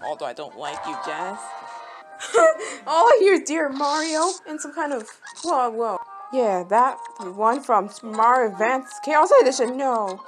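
A woman giving rambling, casual game commentary, breaking into sudden excited exclamations. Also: a little high, unhurried. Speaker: gameplay commentator. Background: game music.

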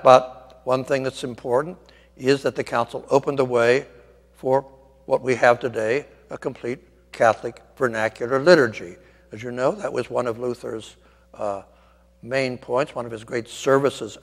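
A man's voice: medium pitch, fairly even intonation, moderate pace, big-room sound. An older man, a Catholic priest, giving an informal guest lecture in a church, rambling a little with wry asides and many ums. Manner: discursive, wry asides, frequent ums and restarts.

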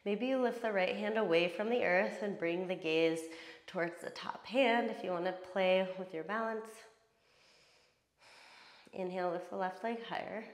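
A woman yoga instructor calmly cueing breath and poses through a guided class. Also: mid-range voice, normal speed, reverberant.

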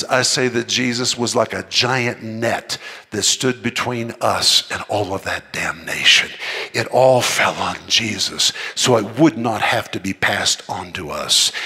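A man preaching a sermon in an emphatic manner, building to forceful outbursts. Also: mid-range voice, breathy edge. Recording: long hall reverb.

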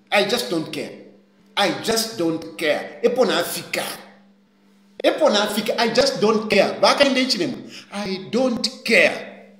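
A man's voice: high-pitched, echoey room. A Zambian man with a Zambian accent giving a defiant, repetitive political rant, switching between English and a local language. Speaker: political commentator.

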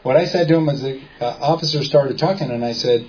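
A man's voice: medium pitch, quick pace, few pauses, a little mellow. Man telling a courtroom story, lo-fi. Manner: storytelling, quotes people in dialogue, asks the audience questions. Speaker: seminar speaker. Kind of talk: casual lecture to a small audience. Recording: dull lo-fi recording with faint background noise.

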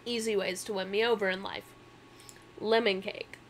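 A woman's voice: mid-range voice, a little mellow, slight background noise, rough recording. A woman streamer chatting casually with viewers between readings, her throat sore, laughing often and poking fun at herself. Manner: chatty, giggly, self-deprecating. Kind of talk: casual live-stream chat.

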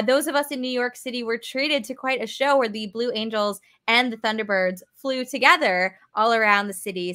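Upbeat woman with a bright voice. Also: a little high. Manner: upbeat, chatty, answers viewer comments. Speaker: museum educator. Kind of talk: live virtual museum tour. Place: aircraft museum hangar.

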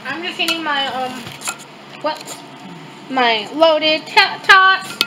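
A woman chatting hesitantly in a casual mukbang vlog, with many pauses and fillers. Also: high voice, expressive, noisy background. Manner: hesitant, filler-heavy talk.

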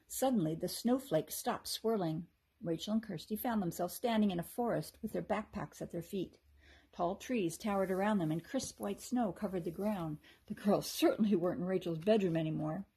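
A woman teacher reading a children's chapter book aloud with expressive, animated narration. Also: medium pitch, moderate pace, husky. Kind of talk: storybook read-aloud.

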